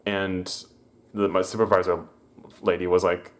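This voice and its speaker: A man's voice: low voice, moderate pace, long pauses. Rambling man telling a story. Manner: rambling, full of fillers and self-corrections, laughs often. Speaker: vlogger. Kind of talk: casual storytime monologue. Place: room at home.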